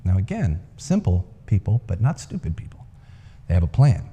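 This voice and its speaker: A man tells a story to a live audience, his voice lively and full of pitch swings. The hall around him adds a long, ringing reverb. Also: moderate pace, a little hiss or hum. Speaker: speaker, coach.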